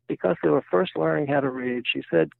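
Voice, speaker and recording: A retired volunteer guide from a museum ship, an older man, trades jokes and stories as a guest in a chatty, casual interview. His fairly high, gravelly voice moves fairly quickly over a tinny, phone-like line that's dry, with no echo.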